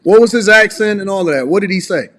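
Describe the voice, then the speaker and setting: High-voiced man needling a caller. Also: animated, fast, a bit bright. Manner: needling, repeats questions, slangy. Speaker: podcast host. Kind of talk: teasing call-in banter.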